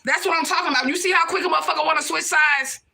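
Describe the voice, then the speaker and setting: A woman's voice: high-pitched, very fast, vocal fry, noisy background. A woman hosting a livestream, talking to her viewers in a heated, profane, confrontational rant and repeating her points. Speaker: livestream host.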